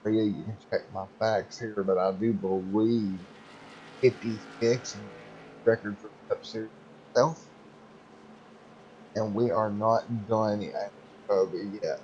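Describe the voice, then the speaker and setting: A man with a lowish, hoarse voice calls a simulated race. He gets excitable and rambles, with plenty of fillers. Steady background noise sits under his voice. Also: measured pace, long pauses, highs cut off. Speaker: sim racing commentator. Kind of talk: race commentary.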